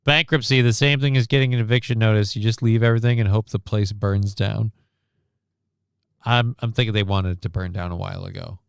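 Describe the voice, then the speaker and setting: A man's voice: fairly low pitch, fairly even intonation, a little fast, creaky, smooth, no echo, clean studio sound. A man streaming casual reaction commentary on a news clip, sarcastic and rambling, reading chat comments aloud.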